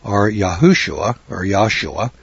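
Rambling older man, husky voice. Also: on the low side, expressive, takes it slowly, dry recording, muffled recording. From western United States. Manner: rambling, folksy, spells words out letter by letter. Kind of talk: casual religious talk, answering a question.

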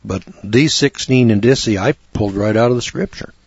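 Low husky man telling a folksy story. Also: a little fast, no room sound, muffled recording. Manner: animated storyteller, acts out both sides of dialogue. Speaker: speaker on law and scripture.

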